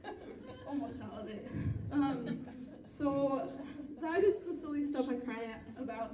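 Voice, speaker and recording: A woman's voice: sits high, dark tone, echoey room, recorded from a distance, slight background noise. A young woman doing a stand-up comedy set, telling rambling, self-deprecating stories and laughing at herself along the way.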